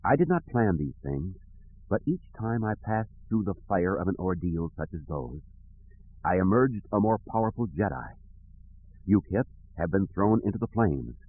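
A man reading an audiobook, voicing a calm, stern male Jedi master who speaks in a measured, quiet way. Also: deep voice, breathy edge, heavily acted. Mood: solemn. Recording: tinny phone-like audio.

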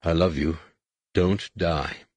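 A man's voice: low-pitched, steady tone, slow, a little mellow, breathy edge, dry recording, full character voice. A man voicing a young Jedi pleading with his dying wife, urgent and pleading. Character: anxious young male Jedi husband.

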